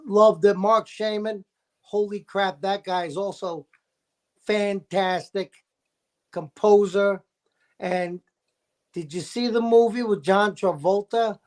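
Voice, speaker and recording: A man talking as a guest in casual chat, telling stories with enthusiasm and dropping into gravelly impressions. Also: sits high, steady tone, takes it slowly, long pauses.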